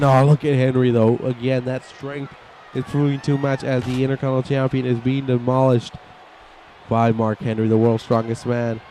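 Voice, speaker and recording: A man giving excitable play-by-play commentary over a wrestling video game and voicing the wrestlers' thoughts in quick asides. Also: fairly high pitch, a little hiss or hum. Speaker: gameplay commentator.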